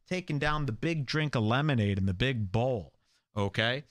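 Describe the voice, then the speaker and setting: A man's voice: mid-range voice, expressive, moderate pace, dry recording, clean studio sound. A man hosting a comedic talk show, ranting in a crude, mocking, gossipy manner. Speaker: radio show host.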